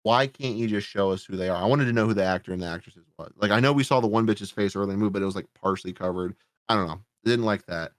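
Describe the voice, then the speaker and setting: Sarcastic, swearing low-voiced man. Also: very fast, no room sound, clean studio sound. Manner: profane, sarcastic, rambling. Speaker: podcast host. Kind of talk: casual movie review chat.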